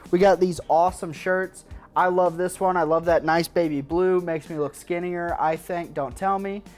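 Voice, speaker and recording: Man hosting a podcast, easygoing chatter, slightly high voice, faint music under it. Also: fairly even intonation, moderate pace, a little mellow. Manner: laid-back, chatty, laughs often. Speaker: podcast host. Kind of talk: casual podcast chat.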